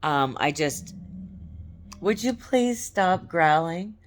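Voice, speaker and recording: A woman vlogging to her camera from her couch at home, chatting in a rambling way, her voice crackly and hoarse. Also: lowish voice, expressive, takes it slowly. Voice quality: gravelly. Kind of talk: casual chat to camera.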